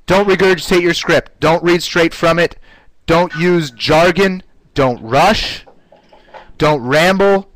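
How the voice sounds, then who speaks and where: A man's voice: slow, pauses often, a bit bright, no echo, poor audio. Upbeat male webinar presenter, dry sound. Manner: upbeat, conversational, with frequent "uh" fillers; playfully shifts pitch to demonstrate voice technique. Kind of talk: live online class presentation.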